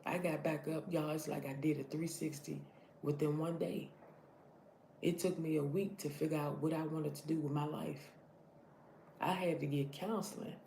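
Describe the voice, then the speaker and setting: Woman, 30s, motivational vlogger: gravelly, mellow tone, preachy and earnest, echoey room. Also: sits low, slight background noise. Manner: earnest, preachy, repeats "listen to me". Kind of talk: motivational talk.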